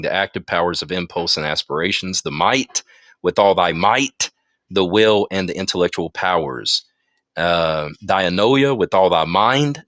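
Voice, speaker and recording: This deep, slightly bright male voice carries no echo. He reads Bible passages aloud while teaching a study group, often stopping to make emphatic asides to listeners. He's talking through a phone in an audio chat room.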